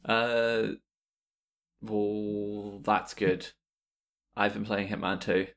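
A man with a deep, gravelly voice chatting casually about games. He rambles along, restarting sentences and filling pauses as he goes. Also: level tone, a bit bright. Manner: rambling, many fillers and restarts.

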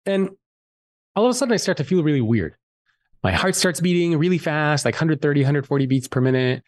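A man guest on a podcast, telling a personal story in a candid, animated way and swearing freely. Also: a little high, a little fast, no room sound. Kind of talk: casual storytelling interview.

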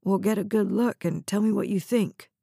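A woman reading the part of a bitter, injured young man in a hospital bed, with a gravelly, curt voice. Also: mid-range voice, moderate pace, mellow, no room sound, studio quality.

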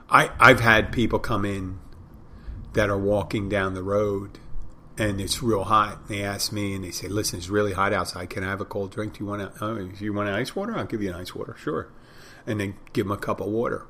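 A man with a fairly low voice talks through a loose, casual monologue for his podcast. He rambles jokily and drops into little acted-out greetings from his bartending job. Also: moderate pace, fairly bright tone, a little hiss or hum. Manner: rambling, jokey, acts out greetings.

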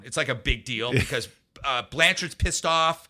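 Sharp-voiced man telling a story. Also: medium pitch, moderate pace. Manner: animated, laughs often, acts out other people's lines. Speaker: guest. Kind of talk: storytelling anecdote in a conversational interview.

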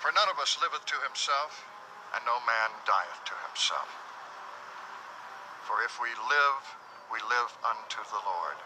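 An actor playing a preacher who reads scripture at a funeral in a slow, formal intoning voice, heard as a noisy TV drama clip. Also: male voice, mid-range voice, expressive, close to an everyday voice. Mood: solemn. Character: solemn male preacher reading scripture at a funeral.

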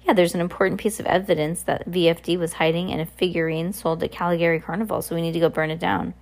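A woman reading aloud and voicing a gleeful, boastful female arsonist villain with a deep, purring voice. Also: steady tone, fast talker, creaky, a little mellow.

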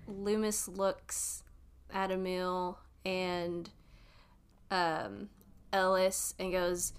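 Gravelly, slow-talking woman player. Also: fairly low pitch, little pitch movement. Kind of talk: tabletop game play.

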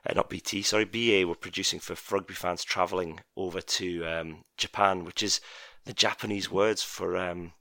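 A man's voice: low voice, steady tone, moderate pace, gravelly, hardly any pauses, sharp tone, no room sound, clean studio sound. A Scottish man hosting a rugby podcast in casual chat, jokey and leading a quiz. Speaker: podcast host.

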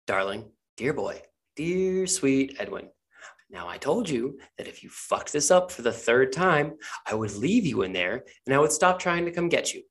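A game master voicing an unseen scheming gang boss who calls through a wall, muffled, patronizing and menacing with sweet endearments. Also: fairly bright tone. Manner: patronizing endearments, low and slow.

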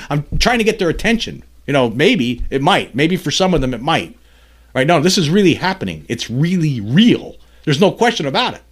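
A man's voice: on the high side, very animated, brisk. A man hosting a solo commentary podcast, talking in a rambling, heated way, full of restarts and fillers. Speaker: podcast host.

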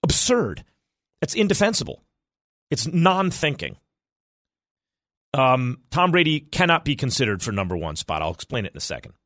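A man hosting a sports talk radio show, arguing his opinions in a fast, animated, self-correcting way. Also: medium pitch, no echo, clean studio sound.

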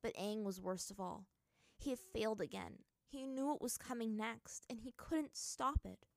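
A woman's voice: fairly high pitch, normal speed, no room sound, studio quality. A woman reading fan fiction aloud as narrator, with dramatic storytelling.

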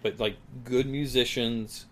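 A mid-pitched man co-hosting a podcast in an easy, rambling way. He restarts his sentences and laughs often. A faint hum sits behind him. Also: fairly even intonation, measured pace, fairly bright tone. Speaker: podcast co-host. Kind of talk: casual chat.

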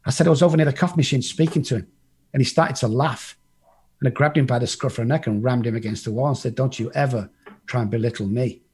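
Husky Englishman telling a blunt story. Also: mid-range voice, fast, darkish tone. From England. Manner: blunt and profane, acts out the voices in his story. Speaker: recovery speaker. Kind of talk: personal storytelling to a live group.

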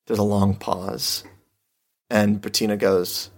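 A man narrating as game master in a tabletop game, relaxed and descriptive. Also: mid-range voice, unhurried. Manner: relaxed, descriptive, hedging with fillers.

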